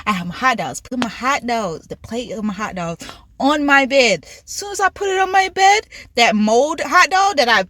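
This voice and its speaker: High, lively woman telling a story. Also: moderate pace, no echo. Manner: animated, excitable storytelling. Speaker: vlogger. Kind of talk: casual storytime. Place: inside a car.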